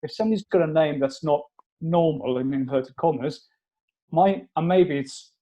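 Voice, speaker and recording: A man from Wales hosting a podcast in casual chat, curious and conversational, with a frog in his throat and frequent throat-clearing. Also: a little high, normal speed, warm tone. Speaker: podcast host.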